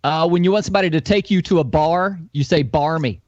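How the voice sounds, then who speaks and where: A woman giving deadpan joke answers in a quiz on a live stream. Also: deep voice, fast. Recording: muffled noisy remote audio.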